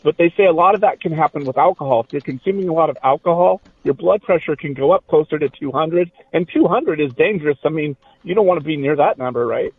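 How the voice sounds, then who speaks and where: A man's voice: a little high, fast, hardly any pauses, breathy edge. A man co-hosting a podcast who asks questions casually and shares his own experience. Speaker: podcast co-host asking questions. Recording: dry, phone-like sound.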